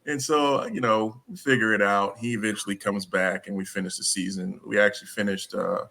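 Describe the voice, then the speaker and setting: Brief: man, interview guest, lively anecdotes with acted-out voices; lowish pitch, bright tone. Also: brisk, gravelly. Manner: animated, acts out dialogue with laughs. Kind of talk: casual storytelling.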